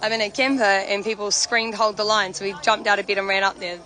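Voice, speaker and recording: A woman's voice: mid-range voice, steady tone, fast talker, sharp tone, poor audio. A woman live-streaming casual chat to her viewers from an outdoor protest camp, speaking from a handheld phone. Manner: chatty, talks straight to viewers. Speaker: livestreamer. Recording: outdoor crowd and music behind.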